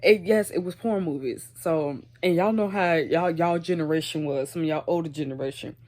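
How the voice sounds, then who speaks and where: A young adult woman telling a casual, animated storytime, laughing as she goes. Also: low-pitched, moderate pace. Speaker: vlogger.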